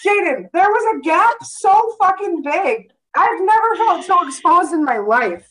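A woman's voice: very high-pitched, very animated, measured pace, fairly bright tone, poor audio. A young woman co-hosting a podcast, telling a rambling story in casual chat with lots of swearing and laughter. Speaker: podcast co-host.

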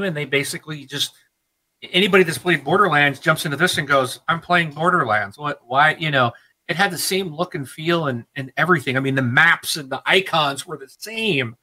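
A man's voice: high-pitched, rough recording. A man in his thirties co-hosting a casual gaming chat, rambling and laughing as he talks. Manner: rambling, animated, laughs often. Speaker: podcast co-host.

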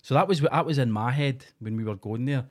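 A man's voice: mid-range voice, brisk. A middle-aged man, co-hosting a casual podcast with sweary, laughing banter. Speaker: podcast co-host.

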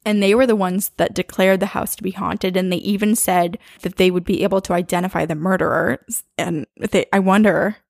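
A young woman co-hosting a podcast, recounting a ghost story in casual, animated chat. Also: medium pitch, brisk, gravelly, no echo, clean studio sound. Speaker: podcast co-host.

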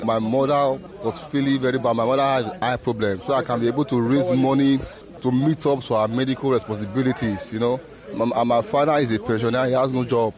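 A Nigerian man speaks with a Nigerian accent, giving interview testimony about his journey. He talks earnestly and often restarts his sentences. The clear murmur of a crowd carries behind him. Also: medium pitch. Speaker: returned migrant. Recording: outdoor crowd noise behind.

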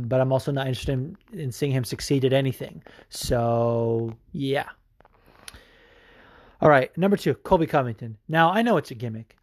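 A young adult man hosting a show, ranting with a profane, salty and animated delivery and frequent fillers. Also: mid-range voice, no room sound, studio quality. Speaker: show host. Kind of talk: profane opinion rant.

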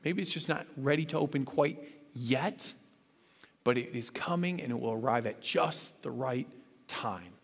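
A man's voice: mid-range voice, expressive, measured pace, vocal fry, slightly rough. A man preaching a sermon as a pastor, earnest and rising to fervent emphasis. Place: church sanctuary. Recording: long hall reverb.

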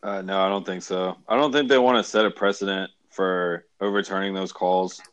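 A young man with a very low voice joins a sports talk show as co-host. He hedges and fills his sentences with ums and likes. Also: fairly even intonation, moderate pace, a bit bright, smooth, no room sound. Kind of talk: casual sports chat.

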